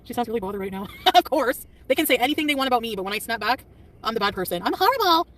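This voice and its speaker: Fast-talking woman livestreamer, distant mic. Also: on the high side, expressive, a bit bright. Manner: quick, defensive, often laughing and snapping back. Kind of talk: casual livestream chat. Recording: distant mic with faint traffic noise.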